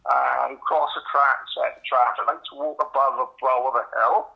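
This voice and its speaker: A man's voice: medium pitch, fairly even intonation, moderate pace, vocal fry, lo-fi sound. A man in his forties, a podcast host, rambling through a story in casual chat and swearing constantly. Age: 40s.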